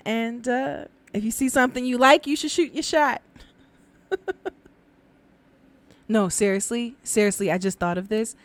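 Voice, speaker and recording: A woman's voice: sits high, dry recording. Chatty woman telling folk tales. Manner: laughs often, casual, chatty. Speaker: podcast host and storyteller. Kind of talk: casual storytelling podcast.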